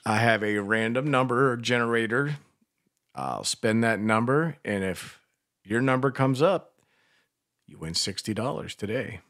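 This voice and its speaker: A man's voice: mid-range voice, a bit bright. Crude joking male radio co-host. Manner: crude, joking, swears freely. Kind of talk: casual radio banter.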